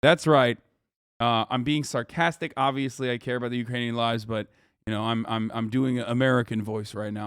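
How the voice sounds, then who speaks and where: A man's voice: medium pitch, steady tone, fairly quick, fairly bright tone, clear, resonant tone, no room sound, clean studio sound. A man in his thirties doing casual live-stream reaction commentary, sarcastic and rambling, swearing often and filling his talk with "uh" and "like".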